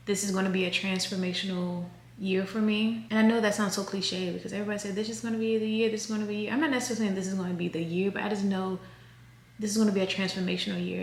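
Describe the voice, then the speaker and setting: A woman in her thirties talks casually to her viewers, rambling and restarting her sentences. Her voice has a gravelly fry to it. The room around her sounds echoey. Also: mid-range voice. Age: 30s. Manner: rambling, chatty, self-correcting. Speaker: vlogger. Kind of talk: casual chat to camera.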